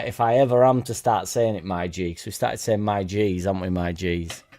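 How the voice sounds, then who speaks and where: A man's voice: fairly low pitch, mellow, a little hiss or hum. A man hosting a fan channel live stream, talking casually and rambling between topics and viewer comments, with self-deprecating asides.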